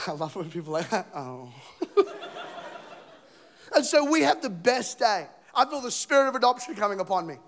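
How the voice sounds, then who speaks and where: A man in his thirties from England preaching a sermon as a lively, joking story, acting out scenes and voices. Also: high voice, normal speed, pauses often. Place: church stage.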